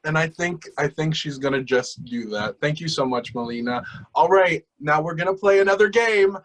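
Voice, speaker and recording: A man's voice: fairly high pitch, lively intonation, moderate pace, a bit bright, rough recording. A man with an American accent, a drag queen interviewing another, upbeat and reading out messages. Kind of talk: casual interview chat.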